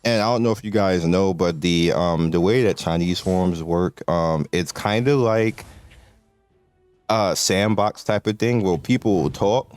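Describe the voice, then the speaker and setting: A man's voice: low-pitched, a little slow, darkish tone, no room sound, soft background music. A man from the United States chatting casually as a gaming video creator, rambling with lots of fillers and restarts and laughing often.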